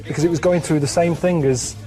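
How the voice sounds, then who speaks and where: A man telling rambling stories in a deadpan way during casual comedic chat on a radio show. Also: fairly high pitch, quick pace, faint music behind.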